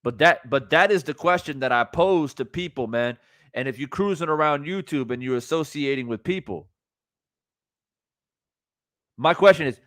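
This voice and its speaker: A man's voice: a little high, expressive, moderate pace, fairly bright tone, no echo, studio quality. A man ranting on a live stream, blunt and profane, hammering his points through repetition. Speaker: streamer reacting to boxing news. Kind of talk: live-stream reaction rant.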